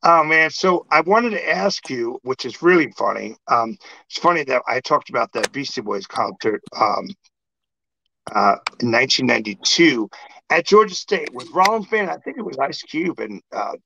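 A middle-aged man hosting a casual chat, an animated storyteller who acts out exchanges. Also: medium pitch, normal speed, vocal fry, slight background noise. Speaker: podcast host. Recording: dull lo-fi sound.

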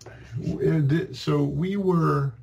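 Speaking extremely slowly in a slightly high, creaky voice, a Canadian-born man guests on a podcast and spins long, rambling casual stories full of restarts and animated quoting.

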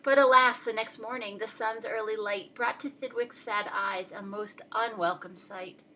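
A woman reading a children's picture book aloud, playful and expressive, talking to young listeners. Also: a little high, moderate pace, rough recording.

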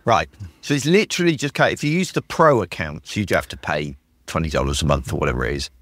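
British guy hosting a podcast, excited, voice jumps all over, dry close sound. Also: extremely low pitch, quick pace, no echo. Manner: enthusiastic, animated, acts out his own typed prompts. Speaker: podcast host. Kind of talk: casual chat.

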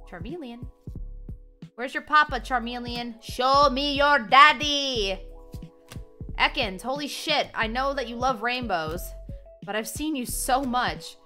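A young woman chats casually through a live stream, excitable and quick to react. Her voice is bright and forceful, and sits a bit high. Her pitch leaps around animatedly, with faint music playing underneath. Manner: excitable, chatty, reacts loudly to pulls and reads chat aloud. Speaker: streamer opening trading cards.

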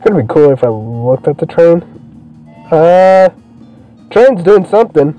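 A young man giving profane, excitable commentary while playing a video game. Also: on the high side, slow, highs cut off, soft background music. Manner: profane, excitable, swears constantly. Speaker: gameplay streamer. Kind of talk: let's play commentary.

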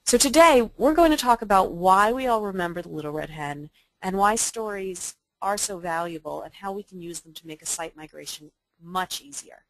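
A woman's voice: medium pitch, animated, moderate pace, a bit bright, no room sound, rough recording. A woman giving a webinar presentation in an earnest, enthusiastic way.

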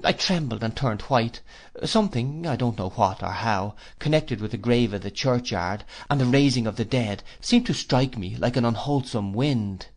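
A man's voice: medium pitch, lively intonation, normal speed. Man narrating a classic novel. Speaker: audiobook narrator.

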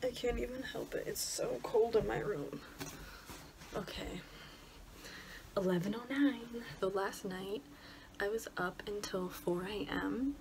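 A woman's voice: medium pitch, a little slow, creaky, pauses often. A young woman with a Michigan accent, talking anxiously and often dropping to a whisper as she chats casually in her bedroom. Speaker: college student vlogger. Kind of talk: casual vlog chat. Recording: steady background noise, lawnmower outside.

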